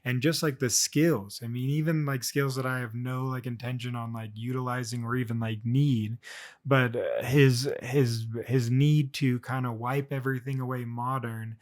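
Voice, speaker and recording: A man's voice: mid-range voice, fairly even intonation, moderate pace. Rambling young man on a solo vlog. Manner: rambling, many fillers and restarts. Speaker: vlogger. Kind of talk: casual solo monologue.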